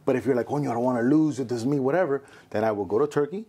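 A man hosting a casual podcast interview, telling a story with lively quoted voices. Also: mid-range voice, rapid-fire, husky. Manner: bald. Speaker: podcast host.

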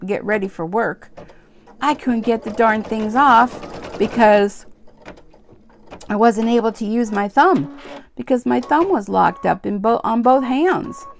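Brief: woman, embroidery vlog host, rambling and chatty, a bit tired, slightly gravelly, faint machine hum. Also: fairly high pitch, a little slow. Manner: rambling, chatty, self-deprecating, lots of fillers. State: tired, yawning. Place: home sewing room, sewing machine running.

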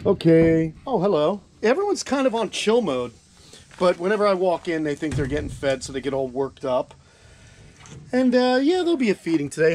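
Walking past the enclosures, this channel host chats easily with his reptiles during a relaxed outdoor vlog. He speaks at a moderate pace in a slightly high, animated and somewhat mellow voice.

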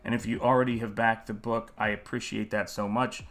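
A man's voice: lowish voice, level tone, a little fast, fairly bright tone. A man hosting a live painting stream, talking in a casual, earnest, musing way and greeting viewers in the chat by name.

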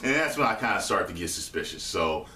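A man's voice: deep voice, big pitch swings, fast talker, bright, forceful tone, a little hiss or hum. A man vlogging, telling a loose, slangy story with swearing and laughs. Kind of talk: casual storytelling. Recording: echoey room, mic far off.

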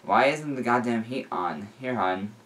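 A man voicing a young adult man, the narrator's lover, in a low, casual, affectionate way while reading a story aloud. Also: expressive, a little slow, fairly bright tone.

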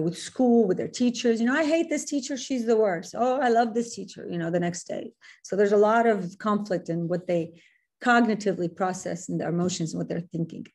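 Earnest woman speaker with a mellow voice. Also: medium pitch. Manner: earnest, repeats and corrects herself, mixes in Arabic phrases. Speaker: workshop speaker. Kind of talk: webinar presentation to parents.

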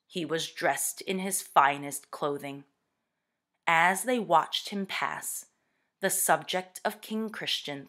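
Slow, low-voiced woman reading aloud. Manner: slow, expressive, deliberate. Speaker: teacher reading to students. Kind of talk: reading a picture book aloud.

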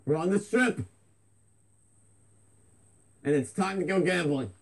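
With a high-pitched voice and a slow delivery, a parody vlogger walks a busy street hosting his comedy vlog. He sounds hyped and short of breath and keeps repeating himself, all over loud street noise.

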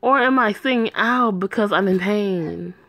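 A woman's voice: medium pitch, a little slow, fairly bright tone, dry recording. A woman voicing a little girl who whines and complains about being hurt. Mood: whiny. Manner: whining, complaining.

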